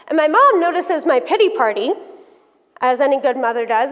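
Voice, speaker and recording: Woman in her 30s doing a keynote, lively storytelling, kinda high voice, long hall echo, dull sound. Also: quick pace. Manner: animated storytelling, frank and playful with the audience. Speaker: keynote speaker. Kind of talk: motivational keynote talk.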